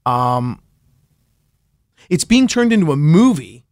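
A podcast host and reporter speaks slowly yet very animatedly in a fairly high voice with a darkish tone, captured studio-quality with no echo. As a radio-show guest in a casual interview, he tells a story with enthusiasm and frequent laughs.

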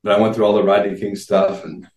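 A man's voice: fairly low pitch, completely flat delivery, fast, a little mellow. A man in his fifties, an interview guest, telling vivid stories earnestly with frequent restarts. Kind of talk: casual storytelling. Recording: roomy sound, distant from mic.

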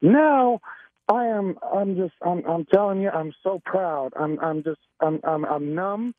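A man's voice: sits high, measured pace, dry recording. A man calling in to a radio show, rambling and stammering with emotion. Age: 40s. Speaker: caller. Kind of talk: excited call-in chat. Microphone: telephone. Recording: tinny phone line.

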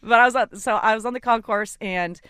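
A woman's voice: on the high side, brisk, clear, resonant tone, dry recording. A woman guest in a studio chatting, telling a funny story with lots of laughter and quoted dialogue. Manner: animated, laughs often, quotes herself. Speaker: in-studio guest, sideline reporter. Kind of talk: casual chat, storytelling. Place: radio studio.

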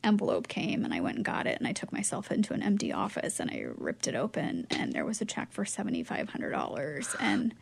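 Animated gravelly woman telling a story. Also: brisk, few pauses. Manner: animated, acts out quoted lines with big pitch jumps; emotional, cries easily. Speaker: guest telling her story. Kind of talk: casual storytelling in a podcast chat.

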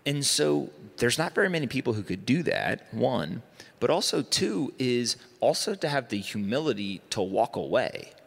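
A man's voice: mid-range voice, sing-song, moderate pace, gravelly, slightly rough, in a large hall. A man speaking as a guest on a conference panel, talking emphatically with rhetorical asides. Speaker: guest investor. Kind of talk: panel discussion. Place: conference stage.

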